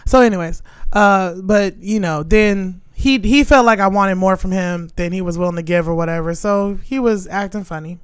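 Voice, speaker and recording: A woman's voice: mid-range voice, normal speed, clear, resonant tone, dry recording, studio quality. A woman telling a casual story to a friend, acting out both sides of a text conversation. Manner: animated, quotes people in voices. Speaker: podcast co-host.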